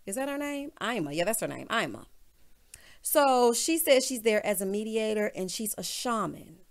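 A woman casually recapping a reality show, sassy and chatty, who often mimics the people she talks about in high, mocking voices. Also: animated, normal speed. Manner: sassy and chatty, often says "child" and "honey".

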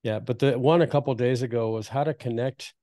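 A man in his fifties hosting a podcast, telling reflective, earnest stories in a relaxed conversational way. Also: mid-range voice, quick pace, no room sound. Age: 50s. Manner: reflective, earnest storytelling with frequent restarts. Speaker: podcast host.

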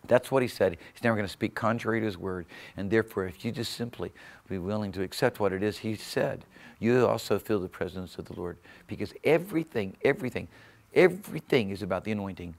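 Gravelly-voiced man preaching a fervent sermon. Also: on the low side, quick pace. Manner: fervent preaching with sudden loud rises and chuckles. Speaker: pastor. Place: church sanctuary.

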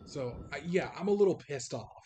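A man's voice: a little high, expressive, moderate pace. A young man commentating his gameplay, exasperated and swearing constantly. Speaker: gaming streamer. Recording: loud game music behind. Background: loud game music.

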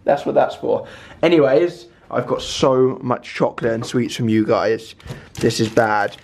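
A young man in his twenties vlogging from a hotel room, tired but chatty and excitable, rambling to the camera. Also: mid-range voice, measured pace, creaky. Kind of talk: casual vlog chat.

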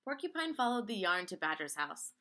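A woman reading a picture book aloud in a lively way, singing out sound effects as she goes. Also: mid-range voice, fairly quick. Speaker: reader.

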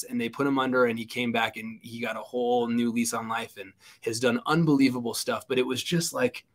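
A man's voice: mid-range voice, steady tone, a little fast, few pauses. Earnest male co-host telling a story. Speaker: radio show co-host. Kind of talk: interview storytelling.

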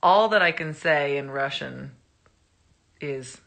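A woman's voice: deep voice, slow pace, vocal fry, long pauses, fairly bright tone. A woman chatting casually to fans on a phone live stream, rambling through anecdotes and laughing as she talks.

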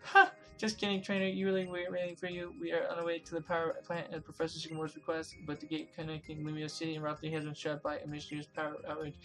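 A man mimicking a shrill, nagging mom voice, pitched way up and stretched out slowly. She scolds with mock indignation, then turns chirpy, and a soft music bed plays underneath. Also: completely flat delivery. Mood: mock-scolding. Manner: high, drawn-out, mock-indignant.

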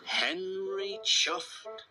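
A man narrating a children's storybook in an expressive read-aloud style. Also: high-pitched, drawn-out words, poor audio. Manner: lively, expressive reading. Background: background music.

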